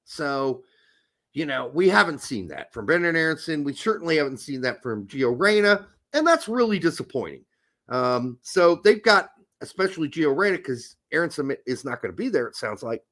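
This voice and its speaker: A podcast host rants about sports with a high, bright voice that swings widely in pitch. He swears freely and talks in a heated, animated way. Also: normal speed. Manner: animated, profane, ranting. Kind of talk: casual heated sports talk.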